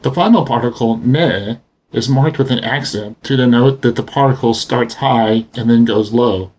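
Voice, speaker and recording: A man teaching a language lesson, explaining pronunciation slowly and deliberately. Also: medium pitch, darkish tone, slightly rough, lo-fi sound. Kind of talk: instructional narration.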